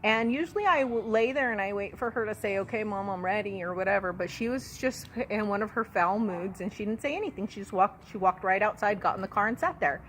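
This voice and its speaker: A woman's voice: medium pitch, fairly quick, few pauses, fairly bright tone, slight background noise. A woman hosting a casual chat about parenting, telling stories bluntly, with frequent laughter and salty language. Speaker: host, mother.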